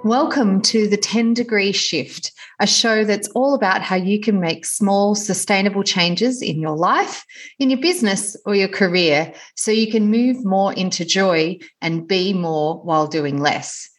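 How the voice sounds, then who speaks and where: A woman's voice: mid-range voice, a little slow. A woman hosts a podcast, her voice sitting in a middle register. She opens with a practised scripted welcome, then settles into easy, appreciative conversation with her guest. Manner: warm, effusive praise of the guest. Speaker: podcast host. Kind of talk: scripted intro then casual interview.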